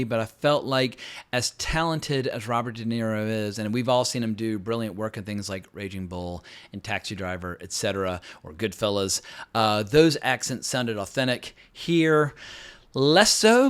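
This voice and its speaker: A man reviewing a film in a loose, conversational way, blunt about what he thinks. He talks at a middle pitch for a man, often circling back with fillers and restarts. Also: clean tone. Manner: candid, chatty, frequent fillers and restarts. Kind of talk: casual spoken film review.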